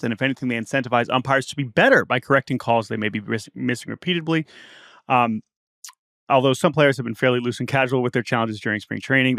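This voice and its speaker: Gravelly-voiced male podcast co-host. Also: medium pitch, fairly bright tone, no room sound, clean studio sound. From United States. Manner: halting, repeats words, reads listener email aloud. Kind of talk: casual podcast chat. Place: small-town home studio.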